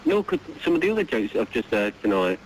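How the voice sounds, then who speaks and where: A man's voice: fairly low pitch, very animated, quick pace. A man calling a radio phone-in, arguing back stubbornly and laughing easily. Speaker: caller. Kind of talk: bantering on a phone-in. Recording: loud noise on caller line.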